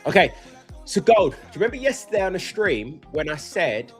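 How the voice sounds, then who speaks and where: A young man hosting a live trading stream, chatting and rambling casually, with excitable bursts of laughter. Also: sits high, brisk, faint music behind.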